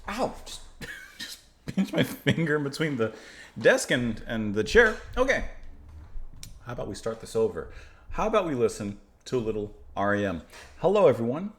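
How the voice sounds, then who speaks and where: A man's voice: mid-range voice, sing-song, moderate pace, pauses often. A man hosting a music reaction channel, chatting casually and rambling, often laughing at himself. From United States. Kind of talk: casual chat.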